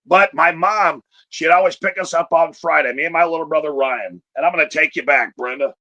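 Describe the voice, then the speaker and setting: A man's voice: a little high, a little fast, pushed and bright, no room sound, muffled recording. A middle-aged man telling a profane, rambling stand-up story full of fillers. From Chicago area. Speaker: stand-up comedian.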